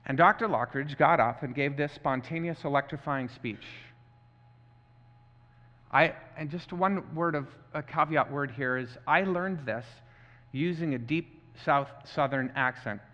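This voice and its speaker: A pastor giving an impassioned, repetitive sermon, recorded muffled in an echoey hall. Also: male voice, fairly high pitch, measured pace, sharp tone.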